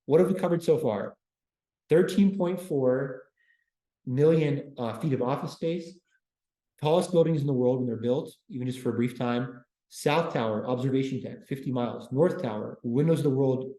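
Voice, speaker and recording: A man giving a casual classroom history lecture as a university lecturer, breaking it up with deadpan joking asides. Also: mid-range voice. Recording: roomy classroom echo.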